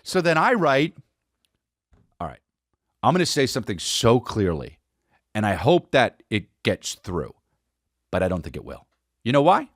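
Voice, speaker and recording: Animated profane male podcast host. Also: medium pitch, a little slow, pauses often, no room sound, clean studio sound. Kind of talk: comedic storytelling.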